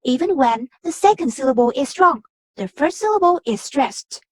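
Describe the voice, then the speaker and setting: A young woman from Vietnam, a student, reading a class presentation on word stress in a measured, explanatory way. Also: high-pitched, animated, no room sound. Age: young adult. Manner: measured, explanatory, reads from a script.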